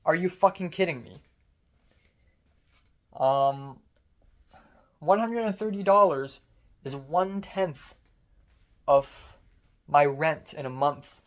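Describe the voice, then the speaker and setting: A man's voice: a little high, slow, long pauses. Man, vlog rant: foul-mouthed, sarcastic, self-blaming, voice strained from screaming. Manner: angry, profane, self-mocking, sarcastic. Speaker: vlogger. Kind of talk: personal rant.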